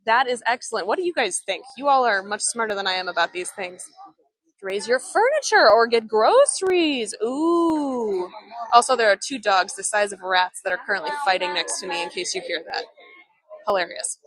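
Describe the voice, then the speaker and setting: A woman's voice: mid-range voice, lively intonation, fairly quick, a bit bright, poor audio. Chatty woman giving a walking tour. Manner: chatty, enthusiastic, reads viewer comments. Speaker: live walking tour guide. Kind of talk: live-streamed walking tour. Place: outdoors in an old town street.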